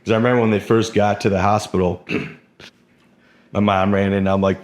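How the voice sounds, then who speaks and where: A man's voice: lowish voice, little pitch movement, moderate pace, long pauses. A young man telling his own story in a casual, rambling way, full of fillers and swearing. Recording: roomy echo.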